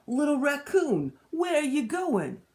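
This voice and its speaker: A woman voicing a bossy older raccoon brother in a storybook read-aloud, loud and cautioning. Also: high-pitched, sing-song, takes it slowly, pitched above the performer's own voice, heavily acted.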